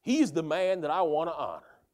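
A man's voice: on the high side, sing-song, normal speed, a little mellow. A man voicing an ancient king who talks in laid-back modern slang. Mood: earnest.

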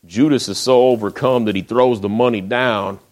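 A man preaching a sermon, retelling the story in a folksy way with acted quotes, often dropping to a hush. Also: mid-range voice, fairly even intonation, moderate pace.

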